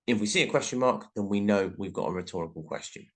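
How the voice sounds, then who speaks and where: A man's voice: fairly low pitch, fast talker. A male teacher explaining language features in a recorded lesson, reading out example sentences as he goes.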